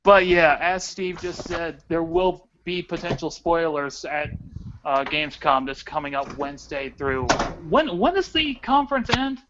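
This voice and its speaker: A young man hosting a casual podcast chat, animated, slangy and quick to laugh. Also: a little high. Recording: dull lo-fi audio with faint hiss.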